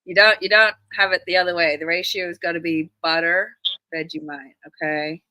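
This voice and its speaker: Bright, crisp-voiced woman chatting on a stream. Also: on the low side, steady tone, brisk, dry recording, low-quality recording. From Australia. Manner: chatty, rambling anecdotes with a laugh. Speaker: live stream host. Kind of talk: casual chat.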